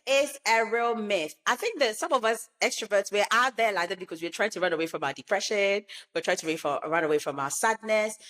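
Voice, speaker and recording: A woman's voice: medium pitch, a bit bright. A woman in casual podcast chat, who repeats words for emphasis. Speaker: podcast co-host.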